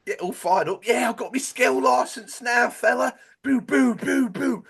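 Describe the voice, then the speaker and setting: A man putting on a hyped-up Cockney voice as an overexcited, cocky young man, shouting and making sound-effect noises. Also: very high voice, unhurried, gravelly, breathy edge, voice pushed up, heavily acted.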